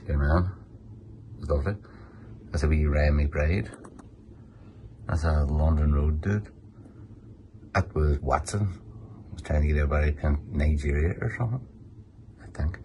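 Man, Derry accent, extremely deep voice, rambling and swearing, casual room tour, indoors. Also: slight background noise, low-quality recording. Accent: Northern Irish, Derry. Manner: rambling and offhand, with frequent swearing. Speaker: table football player giving a tour. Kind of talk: casual walkthrough chat. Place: indoor games room filled with memorabilia.

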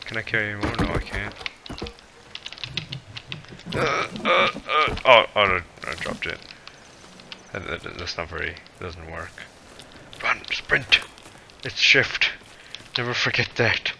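A gravelly man with a bright, forceful edge to his voice, commentating slowly on a survival game. He is jumpy and easily frightened and keeps talking to himself. Faint mouse and keyboard clicks sound behind him. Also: low-pitched, slight background noise. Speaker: gaming channel creator. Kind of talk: let's play commentary.

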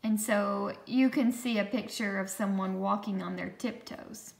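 A female teacher gives children a phonics lesson, speaking slowly and patiently and sounding out each dictation sentence one word at a time. Her mid-range voice has vocal fry and fairly even intonation, and the room is reverberant.

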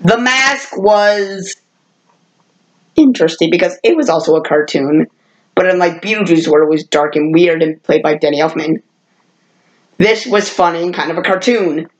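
A woman vlogger reviewing old cartoons in a casual, rambling way, correcting herself often and jumping up in pitch when she exclaims. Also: moderate pace, rough recording. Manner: rambling, with frequent self-corrections.

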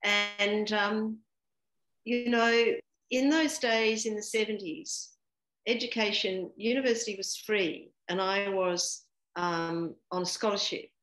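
A woman's voice: medium pitch, fairly even intonation, slow, fairly bright tone. A woman in her sixties, a guest actor chatting casually in an interview, laughing often and full of fillers and restarts. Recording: roomy echo.

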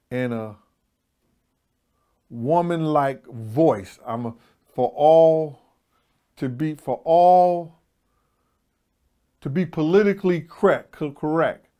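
A man's voice: a little high, takes it slowly, pauses often, mellow. A middle-aged man telling a story as an interview guest, blunt and profane, with a meandering, casual delivery.

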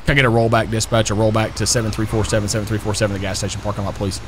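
A man streaming an online role-play game as a police officer, excitable and loud, swinging between shouting and mumbling. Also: on the low side, racing, music in the background.

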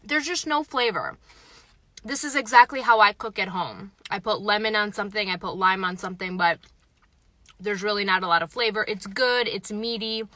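Bright, chatty woman vlogging from her car. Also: mid-range voice, normal speed. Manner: chatty, frank, reads viewer comments aloud; talks while eating. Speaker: vlogger reviewing tacos. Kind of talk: casual live-stream chat. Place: parked car.

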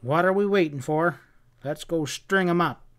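A man voicing a rough frontier ringleader who bellows to rouse a crowd in a storybook reading. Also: on the high side, normal speed, pitched above the performer's own voice, close to an everyday voice. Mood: rousing. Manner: loud, rousing.

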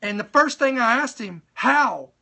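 Man preaching a lively testimony. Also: high voice, moderate pace. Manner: animated storytelling, talks straight to viewers; repeats for emphasis. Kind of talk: live-streamed sermon testimony.

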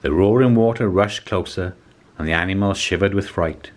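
A man with a deep, low voice reads a children's picture book aloud. His storytelling is calm and measured, with steady pacing suited to young listeners. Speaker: storybook reader.

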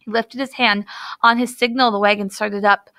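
A woman narrating a novel aloud in a steady, even reading style. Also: medium pitch, normal speed, dry recording. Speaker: audiobook reader. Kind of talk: storybook narration.

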